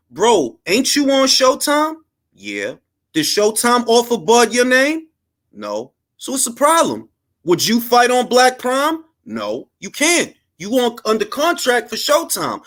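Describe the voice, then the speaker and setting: A man hosting a heated boxing talk panel over a call, forceful and repetitive, talking over others. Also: very high voice.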